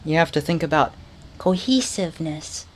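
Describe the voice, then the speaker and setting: A man's voice: mid-range voice, expressive, normal speed. Man, producer on a livestream, mutters to himself, playful, rambling. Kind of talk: casual thinking aloud while remixing.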